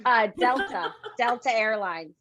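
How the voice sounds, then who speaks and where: A woman's voice: a little high, animated, over a noisy crowd. A woman guest on a casual chat show, joking playfully. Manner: playful, quick jokes.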